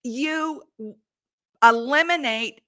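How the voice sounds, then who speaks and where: Bright, slow-talking woman sales coach. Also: high voice. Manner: emphatic, deliberate delivery with quoted examples. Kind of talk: coaching monologue.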